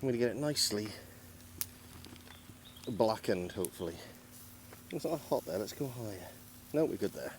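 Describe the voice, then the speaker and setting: Low-voiced chatty outdoor cooking man. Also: lively intonation, moderate pace, long pauses, slight background noise. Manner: chatty, self-deprecating, talks through each step. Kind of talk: casual cooking vlog narration. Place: outdoors in woodland.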